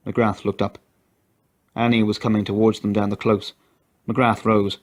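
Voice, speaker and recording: A male storyteller reads a dramatic story aloud. His voice sits low and stays steady and measured from line to line. The narration is clear and deliberate. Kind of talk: scripted narration.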